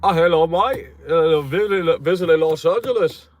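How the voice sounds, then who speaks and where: A man's voice: on the high side, normal speed, no room sound, voice pushed up, natural voice. A man voicing an exaggerated, cheery mock British bloke in a sing-song, overdone way. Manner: sing-song, greets everything with "hello, mate".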